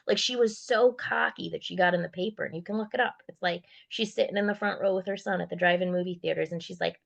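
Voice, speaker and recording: A woman's voice: medium pitch, fast, vocal fry, hardly any pauses, lo-fi sound. A woman giving a candid personal testimony in a raw, blunt and profane way, with bitter sarcasm. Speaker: guest sharing her survivor story.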